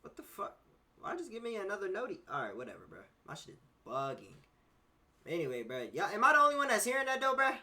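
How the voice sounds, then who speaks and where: Young male streamer, casual slangy reaction talk, bright and lively. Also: sits high, fast talker. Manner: animated, slangy, talks back at the screen.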